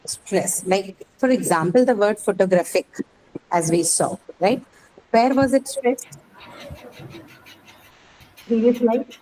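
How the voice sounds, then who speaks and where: A woman's voice: medium pitch, warm tone, a little hiss or hum, rough recording. Woman teacher explaining step by step. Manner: explains step by step, often checks in with students. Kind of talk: classroom lecture.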